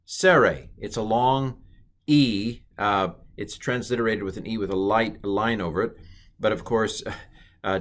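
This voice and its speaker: A middle-aged man teaching an online Hebrew lesson in a playful way, with jokey asides. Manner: playful, jokey asides, lively swings in pitch.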